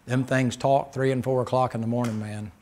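A man's voice: medium pitch, steady tone, brisk, a little mellow. A man preaching a sermon as pastor, folksy and emphatic, firing rhetorical questions at the congregation.

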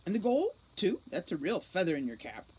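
A woman voicing a stern male elf police commander who barks orders forcefully. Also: fairly low pitch, sing-song, brisk, slightly rough, exaggerated voice, low-quality recording. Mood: tense.

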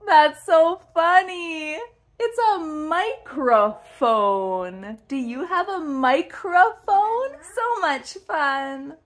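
Slow, sing-song woman teaching toddlers. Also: high voice, very animated, fairly bright tone. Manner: sing-song, over-articulated, with pauses for the child to repeat. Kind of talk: slow, exaggerated speech lesson for toddlers.

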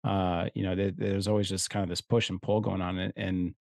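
A middle-aged man co-hosts a casual podcast, thinking aloud slowly and restarting his sentences often. His voice sits low. The recording is dry and close, as from a podcast mic in a small quiet room. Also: little pitch movement, gravelly, no room sound. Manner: reflective, halting, many restarts. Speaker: podcast co-host.

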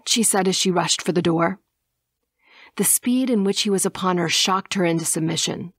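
A woman narrating an audiobook in a slow, measured reading style. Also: on the low side, slightly rough, no room sound, studio quality. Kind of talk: scripted narration.

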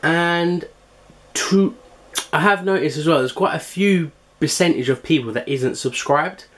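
A man's voice: on the high side, unhurried, a bit bright. A man hosting a casual home cooking vlog, chatty and full of fillers, sometimes talking while eating. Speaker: cooking channel host.

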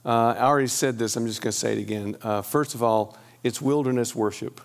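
Man teaching in church, gravelly voice. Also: mid-range voice, fairly even intonation. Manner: conversational, pauses with fillers and restarts.

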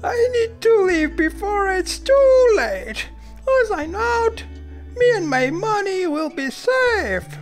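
A woman voicing a desperate relative who pleads in a very high, tearful voice as she reads a game aloud. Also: very animated, slow pace, soft background music, heavily acted. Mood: pleading.

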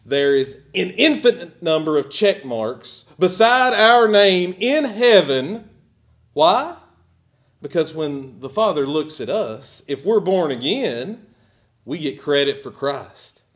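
A man's voice: on the high side, sing-song, takes it slowly. A man preaching a sermon as pastor, emphatic and at times sarcastic.

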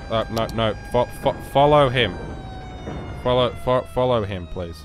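A man's voice: medium pitch, unhurried, soft background music. Sick young man rambling over gameplay. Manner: rambling and joking, with sudden loud outbursts at the game. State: sick with a virus. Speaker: gaming YouTuber. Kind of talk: casual gameplay commentary.

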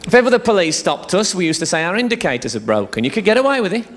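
Lively bawdy stand-up comedian man. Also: high-pitched, racing, some chatter behind. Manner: bawdy, swearing, chatty storytelling. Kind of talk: live stand-up routine. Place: theatre stage, live show.

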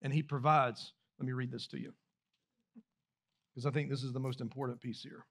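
A man's voice: mid-range voice, steady tone, a little fast. A man preaching a sermon as pastor, talking loosely and directly to his congregation with rhetorical questions and repeated words. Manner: repeats words and restarts phrases while speaking freely. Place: church sanctuary.

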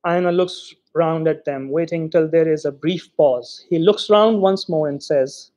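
A man reading a short story aloud in an expressive, theatrical way. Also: on the high side, a little slow, few pauses. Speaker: reader.

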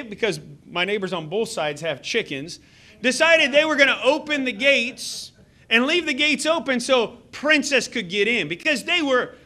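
A man in his thirties preaching a sermon as a church pastor, earnest and halting, with many fillers and restarts. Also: very high-pitched, bright, forceful tone. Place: church sanctuary. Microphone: handheld microphone.

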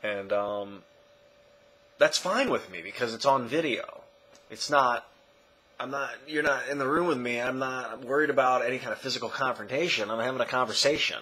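A man talking casually to his camera in a rambling way, correcting himself and often trailing off quietly. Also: medium pitch, normal speed, slightly rough, rough recording. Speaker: vlogger. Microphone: camera mic.

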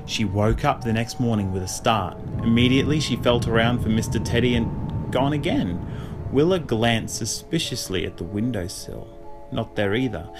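A man reading a spooky children's story aloud as narrator, expressive with dramatic pauses. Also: medium pitch, over music. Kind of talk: audiobook reading.

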